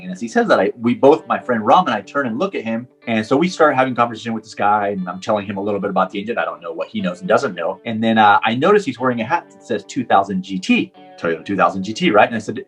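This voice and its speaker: With faint music behind him, a middle-aged professional driver from Puerto Rico shares a personal story in an interview, talking quickly with few pauses in a low, slightly rough voice. He animates the tale by performing the quoted dialogue.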